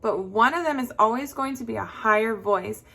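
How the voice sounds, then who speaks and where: During a slow, patient lesson for young children, a young woman stretches out words in a sing-song voice for the kids to repeat. Her voice is a little high, pushed and bright with vocal fry, at a moderate pace.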